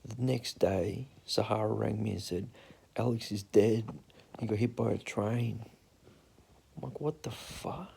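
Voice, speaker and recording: A man's voice: fairly low pitch, unhurried, vocal fry, warm tone, breathy edge. A young man with an Australian accent telling rambling, crude stories in casual talk and swearing freely. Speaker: storyteller. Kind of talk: casual storytelling.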